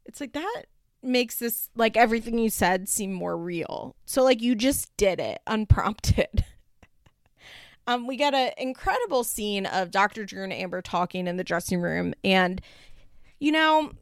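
A woman's voice: medium pitch, lively intonation, measured pace, dry recording, studio quality. A young woman casually recapping a reality show with lots of "like" and swearing, and she acts out the quotes. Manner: rambling and profane, heavy use of "like", acts out quotes.

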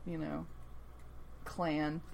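A woman co-hosting a casual recap podcast, excitable, laughing often and swearing casually. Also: sits low, extremely slow, vocal fry. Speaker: podcast co-host.

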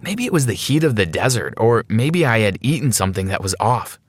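A man's voice: fairly low pitch, sing-song, a little fast, breathy edge. A man narrating a dramatic first-person adventure story from a script.

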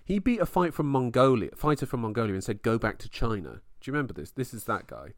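A man co-hosting a casual fight podcast, excitable, laughing often and swearing freely. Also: medium pitch, fast talker, dry recording, studio quality. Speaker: podcast co-host.

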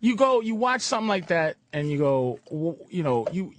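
A high-pitched man rambles about movies with lively, swooping intonation and plenty of swearing. The sound is dry and close. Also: moderate pace, no room sound. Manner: rambling, emphatic, profane. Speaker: podcast co-host. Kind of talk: casual chat about movies.

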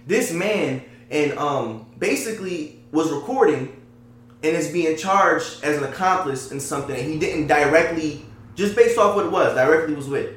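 A man with a slightly higher voice argues his point in loose, animated conversation. He keeps checking that his listener follows him. The room around him rings with a heavy echo. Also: normal speed. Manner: animated, conversational, often asks "you get what I'm saying?". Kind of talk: casual debate chat. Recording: very echoey room.

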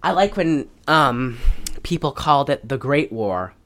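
A woman's voice: a bass voice, expressive, unhurried, a bit bright. A woman hosting a podcast, recapping a film in casual chat and rambling with many fillers. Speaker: podcast host.

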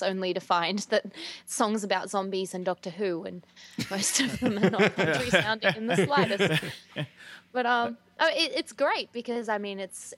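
A young Australian woman talks as a guest musician, chatty and quick to giggle, with plenty of ums. Her voice sits at a middle pitch. The recording is dry, with no room sound. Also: a bit bright, no room sound. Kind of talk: casual interview chat.

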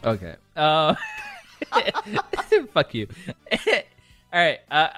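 A man co-hosting a casual podcast, laughing through his lines and swearing freely. His somewhat high voice swoops up and down a lot. The sound is dry and close. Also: huge pitch swings, drawn-out words, a bit bright, no echo, faint music behind. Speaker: podcast co-host. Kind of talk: casual podcast chat and reading aloud.

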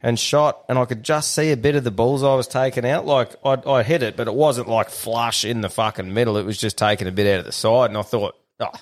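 A man's voice: medium pitch, fairly even intonation, fairly quick, hardly any pauses. Australian man, young adult, podcast co-host; casual sweary storyteller, mid-range voice. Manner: swears a lot, rambling anecdotes.

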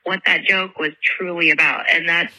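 A woman's voice: fairly low pitch, steady tone, normal speed, pushed and bright, poor audio. A woman in her thirties from Northern California, leaving a rambling, giggly voicemail story full of likes and ums. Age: 30s. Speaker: podcast caller.

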